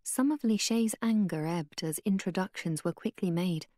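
Low-voiced woman reading a storybook. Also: moderate pace, mellow, dry recording, clean studio sound. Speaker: audiobook narrator. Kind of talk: scripted narration.

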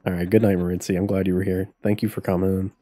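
A young man live-streams a life-sim game, reacting with curses, jokes and frequent laughter. His voice is low-pitched and dark in tone, level in intonation, and he talks fast.

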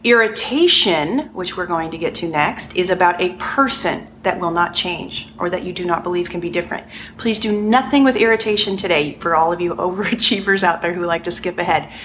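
A middle-aged woman giving a conversational coaching lesson, animated and repeating points for emphasis. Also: on the low side, a little fast, a little hiss or hum. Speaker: life coach.

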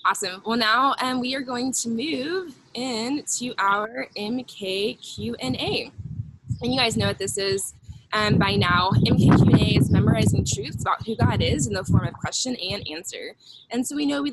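A woman's voice: fairly high pitch, slight background noise, poor audio. A young woman teaching children a Bible lesson in an upbeat way, leading call-and-response with them.

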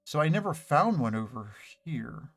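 A man's voice: medium pitch, big pitch swings, normal speed, vocal fry, a bit bright. A man casually commenting while playing a video game, thinking aloud and correcting himself as he goes. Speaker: streamer. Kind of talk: casual let's play commentary.

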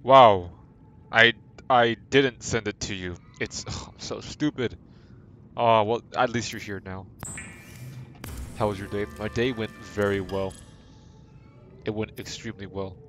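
Over game music, a young man rambles playfully to his live-stream viewers while he plays, often poking fun at himself. He speaks at a measured pace with frequent pauses, in a fairly low, steady, fairly bright voice, and there's slight background noise.

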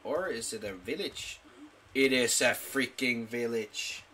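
A man's voice: mid-range voice, slow pace, bright, forceful tone, slight background noise. A man casually commenting while playing a game, talking to his in-game pet and squealing when delighted. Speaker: gaming YouTuber. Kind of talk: casual let's-play commentary. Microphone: desktop mic.

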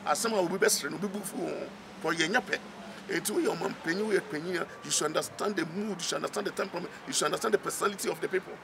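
A Ghanaian man, a reverend and counsellor, giving fast and emphatic commentary that switches between Twi and English. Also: high voice, creaky, noisy background.

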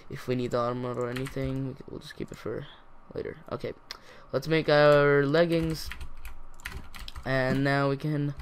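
A teenage boy talks through his gameplay at a desk mic, rambling and thinking out loud, with a middling voice for his age. He breaks into sudden excited yelps now and then. Faint keyboard clatter sits behind him. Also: mid-range voice, measured pace, slight background noise. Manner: rambling, self-talking, jumpy excitable outbursts. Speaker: gaming channel host. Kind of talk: casual gameplay commentary.

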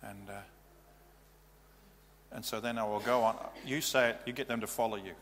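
A man's voice: mid-range voice, steady tone, fast, fairly bright tone. Man, pastor, practical teaching sermon, echoing church hall, faint hum. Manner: plain-spoken, practical, matter-of-fact.

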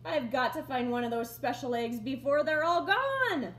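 Brief: woman voicing an eager storybook turkey, high and lively, gobbling, roomy echo. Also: moderate pace, slight background noise. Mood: frustrated. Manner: loud gobbling exclamations. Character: excitable male turkey in disguise.

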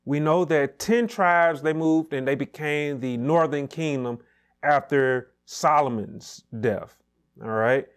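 Clear-voiced man teaching Sunday school. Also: on the high side. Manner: measured, repeats key points, asks "right?". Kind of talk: Bible lesson teaching.

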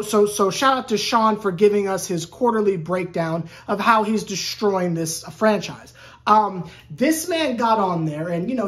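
A woman sports YouTuber talking in a casual, rambling vlog rant. She is sarcastic and keeps restarting her sentences. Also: mid-range voice. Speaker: sports YouTuber covering a basketball team.

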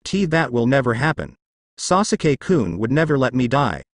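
A stammering, lovestruck girl ninja put on by a male reader, nudged a little higher and brighter than his plain voice. She hesitates often, heard close and dry in a storybook reading. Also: big pitch swings, normal speed, no room sound. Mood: unsure. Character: lovestruck, anxious young female ninja.

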